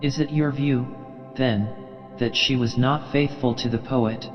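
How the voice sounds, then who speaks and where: A man reading the lines of a prim, courteous old male librarian, speaking softly. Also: medium pitch, fairly even intonation, unhurried, natural voice. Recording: reverberant dull recording, faint music.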